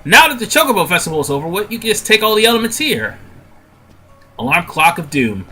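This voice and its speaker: A man with a stuffed-up, congested nose talks through a video game in a loose, casual commentary. His voice is very bright and a little husky, and he keeps stopping to correct himself. Faint game music plays underneath him. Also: high voice, sing-song, fast. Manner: rambling, corrects himself often. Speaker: let's play commentator.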